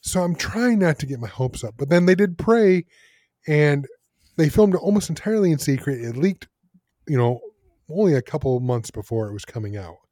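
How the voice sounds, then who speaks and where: A man's voice: a little high, animated, normal speed, mellow, dry recording, studio quality. A man co-hosting a casual podcast, talking film news in a wry, teasing way. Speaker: podcast co-host. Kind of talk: casual chat.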